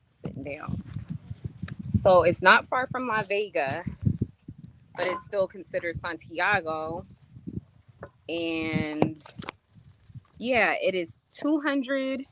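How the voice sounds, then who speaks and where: A woman chatting to viewers in a casual live stream while showing a rental villa, talking in a slangy, relaxed way. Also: fairly low pitch, a little hiss or hum. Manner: chatty, addresses viewers, drops into slangy speech. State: out of breath from climbing stairs. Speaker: vlogger touring a rental villa.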